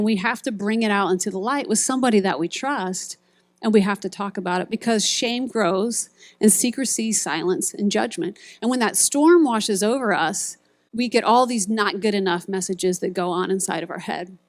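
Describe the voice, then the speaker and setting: A woman's voice: medium pitch, moderate pace, dry recording. Woman preaching a retreat message, dry close sound. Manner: storytelling, acts out quoted voices and buzzer sounds. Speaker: speaker at a ministry retreat. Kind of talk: sermon.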